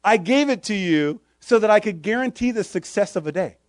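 A man's voice: high-pitched, animated, a little fast, no room sound, studio quality. A man preaching a sermon, quoting old-fashioned scripture and firing short questions at the congregation.

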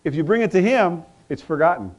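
A pastor with a notably high voice delivers a sermon. He calls out questions to the congregation and waits for answers. His volume swings from loud bursts to quiet asides. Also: animated, brisk. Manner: preaching with call-and-response, rising and dropping in volume.

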